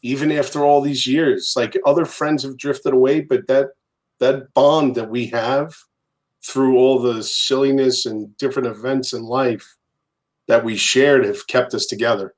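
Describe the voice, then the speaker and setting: A man's voice: mid-range voice, steady tone, a little slow. Man, casual chat, earnest, reflective.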